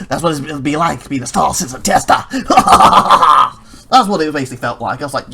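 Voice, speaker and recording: A let's play host giving casual gameplay commentary, rambling and self-correcting, retelling a mishap with excitement and laughs. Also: medium pitch, fairly quick, vocal fry, slightly rough. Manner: chatty, excitable storytelling with laughs.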